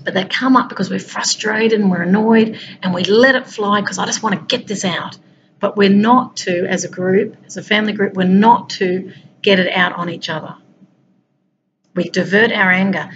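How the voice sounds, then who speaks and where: A woman's voice: mid-range voice, normal speed, muffled recording, a little hiss or hum. A woman giving an informal motivational talk as a wellbeing coach. She talks directly to her listeners in a conversational way.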